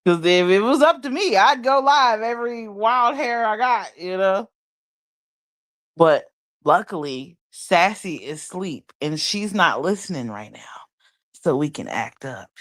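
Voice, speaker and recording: A woman's voice: medium pitch, expressive, unhurried. A woman, hosting a late-night livestream chat in a sassy, blunt and playful way. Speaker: livestream host.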